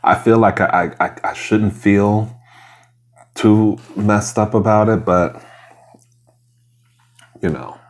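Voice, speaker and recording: A man's voice: lowish voice, little pitch movement, slow pace. A man vlogging at home as he eats, talking casually in a rambling, mildly aggrieved way between bites. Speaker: mukbang vlogger. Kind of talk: casual eating vlog.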